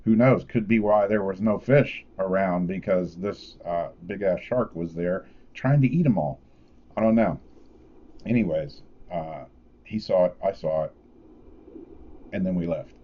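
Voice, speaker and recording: A man's voice: deep voice, a little slow, dull audio. A man vlogging, telling a casual story in a laid-back, rambling way with lots of fillers.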